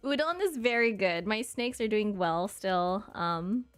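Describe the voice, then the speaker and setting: A woman's voice: medium pitch, animated, measured pace, fairly bright tone, clean tone, faint music behind. A woman in her thirties, a streamer in casual chat with her viewers, talking in a blunt, sassy and crude way and laughing often. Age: 30s.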